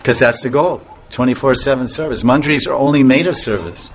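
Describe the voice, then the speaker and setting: A man's voice: medium pitch, brisk. Male spiritual teacher, casual rambling talk, frequent chuckles, acts out voices; mid-range voice, faint background noise. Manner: chuckling often, rambling with restarts.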